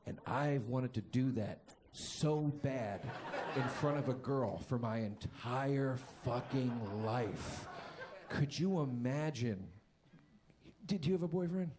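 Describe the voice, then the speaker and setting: A man doing a stand-up routine, telling a story animatedly and jumping into high yelling voices. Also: takes it slowly, background noise. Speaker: stand-up comedian.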